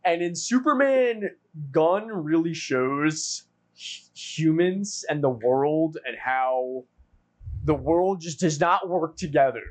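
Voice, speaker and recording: A man co-hosting a casual film-review talk, working through his argument earnestly and at length. His voice is fairly high for a man, and he detours into asides before returning to his point. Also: slow. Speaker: podcast co-host.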